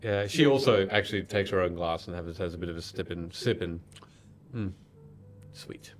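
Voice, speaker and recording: A man running a tabletop game as game master, describing scenes in a halting, rambling way. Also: low-pitched.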